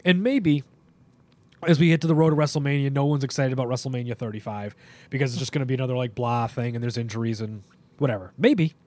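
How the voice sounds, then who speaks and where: A young man co-hosting a podcast, talking in an animated, opinionated, rambling way with plenty of fillers. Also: mid-range voice, fast talker, no room sound. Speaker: podcast co-host. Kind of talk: casual podcast chat.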